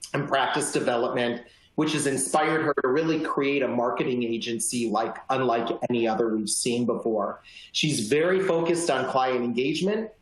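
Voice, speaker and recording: A man moderating a webinar and introducing the guest speaker, friendly and a little halting. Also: medium pitch, roomy sound, rough recording. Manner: friendly, slightly halting, restarts.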